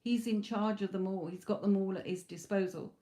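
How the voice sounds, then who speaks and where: A woman's voice: mid-range voice, steady tone, a little fast, mellow. A woman reading tarot cards on a live stream, chatty and reassuring, tired and losing her voice late at night. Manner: chatty, reassuring, says okay and you know often. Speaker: tarot reader.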